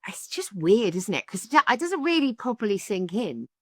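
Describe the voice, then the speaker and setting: A woman, an actress guest on a video call, giddy and animated in a chatty interview. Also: mid-range voice, fairly quick, dry recording, studio quality.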